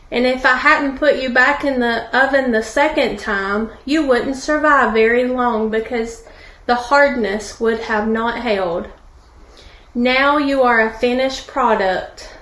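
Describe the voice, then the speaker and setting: Brief: woman as a patient potter, soft steady voice, slow, echoey room. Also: on the high side. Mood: gentle. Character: patient master potter, calm and gentle.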